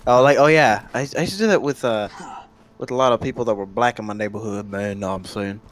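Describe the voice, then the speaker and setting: Low-voiced man chatting on a stream. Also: quick pace. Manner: laid-back, swears casually, gives hardware advice. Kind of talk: casual chat on a game stream.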